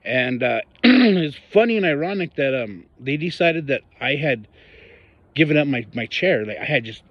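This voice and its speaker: A man's voice: medium pitch, animated, normal speed, no room sound, highs cut off. A man from northern New Mexico giving an angry personal monologue about local politics, ranting and mocking the people he talks about. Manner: heated, ranting, mocking voices of others.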